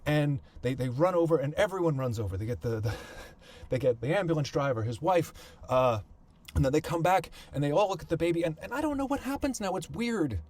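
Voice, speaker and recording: A man hosting a podcast, telling a personal family story in a halting way, often repeating words and thinking aloud. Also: a little high, lively intonation, a little mellow. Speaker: podcast host.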